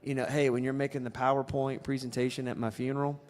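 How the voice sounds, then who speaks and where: A man's voice: mid-range voice, fast talker, long reverb tail. A man working in a guitar shop, co-hosting a live Q&A in casual, joking chat. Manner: joking, animated, breaks into sung and put-on bits. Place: music store.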